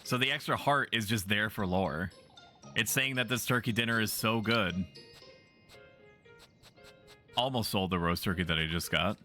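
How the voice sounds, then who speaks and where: A man's voice: fairly low pitch, normal speed, pushed and bright, faint music behind. A man streaming a game, chatting playfully and bawdily with his viewers in a teasing, casual way. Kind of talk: casual gaming commentary.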